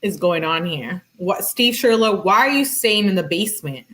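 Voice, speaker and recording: A woman hosting a casual true-crime commentary, reading out text messages and reacting in a chatty way, full of "like" and quick laughs. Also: medium pitch, lively intonation, fairly bright tone. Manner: chatty, filler-heavy with frequent "like", laughs often. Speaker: true-crime YouTuber host.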